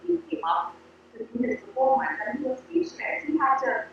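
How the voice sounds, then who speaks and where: A woman being interviewed about the events she organizes, telling her stories in an earnest, expressive way. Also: sits high, normal speed, a little hiss or hum. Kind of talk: interview conversation. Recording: echoey, distant, dull lo-fi sound.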